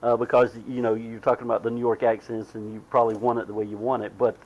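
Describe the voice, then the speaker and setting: A man with a Southern US accent, hosting a podcast in casual chat, talking in a drawn-out, halting way with fillers. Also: medium pitch, little pitch movement, a little mellow. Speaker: podcast host. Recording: slightly dull lo-fi sound.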